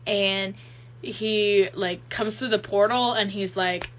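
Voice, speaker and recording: A woman's voice: mid-range voice, fairly even intonation, slow pace, a bit bright, a little hiss or hum. A woman in a casual vlog, chattily recommending fan stories with lots of fillers and rambling asides. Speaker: fanfiction reviewer.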